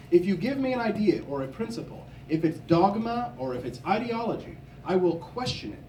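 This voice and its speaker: A young man from Missouri delivers a combative stump speech, his fairly high voice soft and mellow rather than bright. He stands well back from the microphone. His words ring through a reverberant convention hall. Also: a little hiss or hum. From Missouri, USA. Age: young adult. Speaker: political candidate. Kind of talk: campaign speech. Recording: echoey hall, from a distance.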